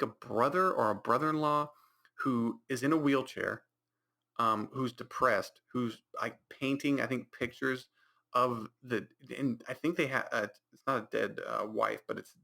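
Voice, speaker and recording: A man's voice: mid-range voice, moderate pace, gravelly, bright, forceful tone. A man hosting a podcast, rambling through a mocking recap of a movie with many restarts and put-on reactions. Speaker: podcast host.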